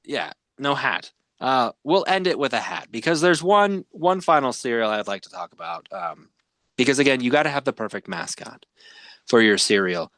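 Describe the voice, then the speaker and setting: A man's voice: medium pitch, expressive, normal speed, a bit bright, dry recording, clean studio sound. A man hosting a podcast, chatting casually and rambling with many fillers. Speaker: podcast host. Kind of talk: casual chat.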